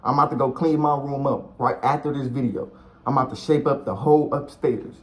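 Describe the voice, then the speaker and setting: Man vlogger, street-slang pep talk, blunt and preachy, average-pitched voice. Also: steady tone, a little fast, slight background noise, low-quality recording. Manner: blunt, profane and slangy, repeats himself, calls the viewer bro and dog; preachy and encouraging. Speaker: video creator giving life advice. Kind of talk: casual motivational talk to camera.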